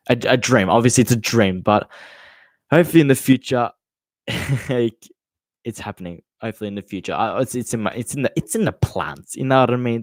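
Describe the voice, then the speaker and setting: A nineteen-year-old Australian man with a lowish voice, recorded without echo, hosts a casual live podcast Q&A. Hot and sweaty, he rambles, swears freely and calls his listeners mate.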